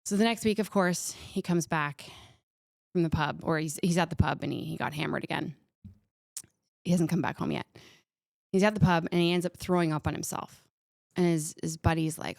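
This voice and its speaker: A middle-aged woman chatting as a podcast guest, telling a joke in an animated way and acting out the quotes. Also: sits low, moderate pace, gravelly, long pauses, dry recording, clean studio sound. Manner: animated storyteller, acts out quotes. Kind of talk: casual chat, telling a joke.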